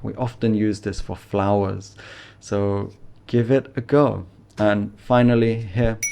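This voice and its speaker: A man teaching an IELTS speaking lesson, breaking down phrases and modelling a sample answer. His voice is low and gravelly with a mellow, dark tone. He talks in an encouraging way. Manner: encouraging, explains phrases then models them. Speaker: English teacher.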